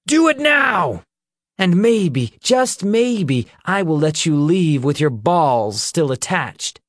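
A cocky, cruel young male leader of a forest band, put on by a man narrating an audiobook. His voice sits higher and louder than the narration, bossy and mocking. The delivery is slow and the sound is dry. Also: animated, dry recording. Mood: menacing. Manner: taunting, commanding. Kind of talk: audiobook character voice.

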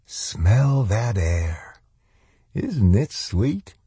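A man voicing a soft, pleasant-sounding young man who is quietly menacing, in an audiobook. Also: lowish voice, big pitch swings, extremely slow, husky, no echo, pitched above the performer's own voice, exaggerated voice. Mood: soft menace. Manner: soft and gently coaxing. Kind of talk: audiobook character voice.

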